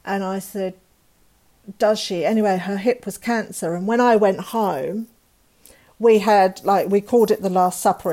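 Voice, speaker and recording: A woman's voice: medium pitch, mellow. Woman, middle-aged, mid-range voice, candid emotional storyteller who quotes others. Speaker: guest. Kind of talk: personal storytelling in conversation.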